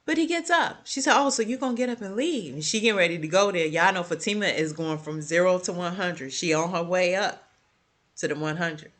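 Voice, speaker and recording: A young adult woman casually recapping TV episodes, animated and talking straight to her viewers, with her voice jumping high whenever she reacts. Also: a little fast. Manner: jumps high in pitch when reacting. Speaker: TV show reviewer.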